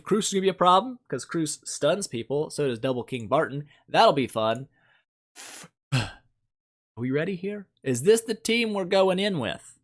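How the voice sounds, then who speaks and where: Playful man with a lively, swooping voice. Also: a little high. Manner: playful, jokey, mock-insulting, animated. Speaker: mobile game YouTuber. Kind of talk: casual gameplay commentary.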